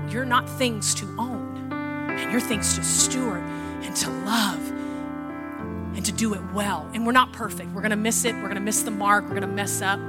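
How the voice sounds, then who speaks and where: A woman pastor preaching a sermon with strong rising emphasis, growing soft and tender when she tells a personal story. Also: mid-range voice.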